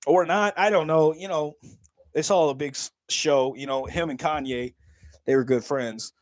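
A man's voice: fairly high pitch, normal speed, dry recording, clean studio sound. A man in his thirties chatting casually on a livestream, laughing often, swearing freely and talking straight to his viewers. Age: 30s.

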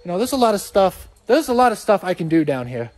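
A man's voice: high-pitched, big pitch swings, quick pace. A man in his thirties, a dad hosting a family vlog, venting in an exasperated, rambling way full of fillers, filmed on a handheld camera at home. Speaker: dad and family channel host. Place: family home, office and basement.

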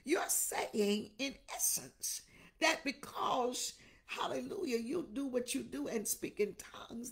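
A middle-aged woman bishop preaching a Pentecostal sermon, crying out in tongues, shouting and weeping, then dropping to a whispered appeal. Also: on the high side, moderate pace, gravelly. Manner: drops to intimate whispered exhortation.

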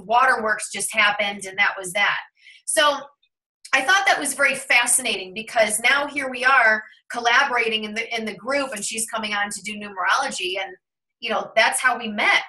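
A woman in her thirties from Ohio, hosting a spiritual channel and telling a personal story in a casual, animated way, acting out what people said. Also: a little high, far from the mic, rough recording. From Ohio, USA. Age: 30s. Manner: animated storyteller, acts out quoted remarks. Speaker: host of a tarot and numerology channel.

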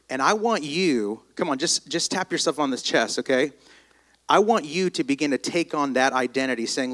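A man's voice: mid-range voice, moderate pace. A man giving a motivational speech at a live event, telling stories with energy and calling on the crowd to respond. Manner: energetic, storytelling, calls on the crowd. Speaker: motivational business speaker.

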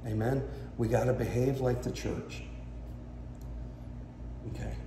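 Passionate pastor preaching in an echoey church. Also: male voice, mid-range voice, dark tone, slight background noise. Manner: passionate, emphatic preaching with rising intensity. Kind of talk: sermon. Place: church sanctuary.

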